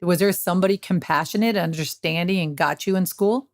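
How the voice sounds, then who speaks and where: A woman's voice: on the low side, brisk. A woman hosting a podcast who asks friendly, chatty questions. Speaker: podcast host. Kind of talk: casual interview questions.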